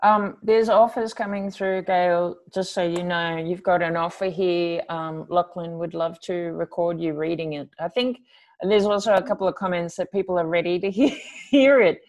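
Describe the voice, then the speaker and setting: A woman's voice: fairly low pitch, fairly even intonation, moderate pace, darkish tone. A woman hosting a live online book event, chatty and encouraging with many fillers.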